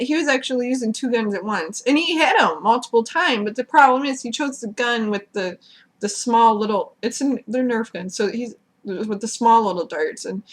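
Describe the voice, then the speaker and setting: A woman's voice: on the high side, fairly bright tone. A woman giving a casual, sarcastic recap of a TV episode, swearing freely and mocking the cast. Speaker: recap vlogger.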